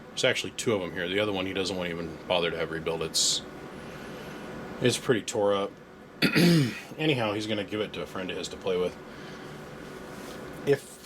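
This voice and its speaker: A man's voice: on the low side, fairly bright tone, a little hiss or hum. Chatty folksy man, workshop vlog. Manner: folksy, chatty storyteller with slang. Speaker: amplifier repair shop owner. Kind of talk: casual workshop vlog storytelling. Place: workshop with shelving units.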